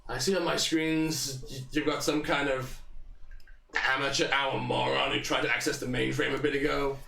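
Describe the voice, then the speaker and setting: A man's voice: mid-range voice, level tone, moderate pace, creaky, sharp tone, reverberant, distant mic. A man playing a cocky male heist leader who taunts his target over the phone. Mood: smug.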